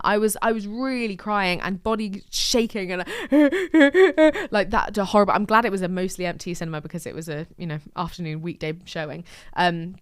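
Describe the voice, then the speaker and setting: A woman's voice: lowish voice, clear, resonant tone, no room sound, clean studio sound. A woman with an English RP accent hosting a podcast, talking in a frank, chatty, self-deprecating way with lots of restarts. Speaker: podcast host. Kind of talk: casual diary-style monologue.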